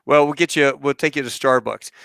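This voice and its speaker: Male podcast host, gravelly and bright, easygoing joker, dry close sound. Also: medium pitch, a little fast, dry recording. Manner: easygoing, joking, brief affirmations. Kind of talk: casual interview chat.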